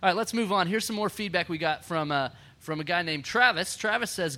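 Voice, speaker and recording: Young Texan male podcast host, bright and slightly high voice, chatty and quick to laugh. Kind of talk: casual podcast chat.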